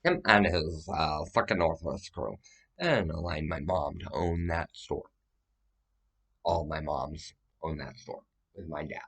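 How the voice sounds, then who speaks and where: A man's voice: a bass voice, unhurried, fairly bright tone, breathy edge. A man talking straight to the camera in a rambling vlog monologue, swearing heavily and breaking into agitated outbursts.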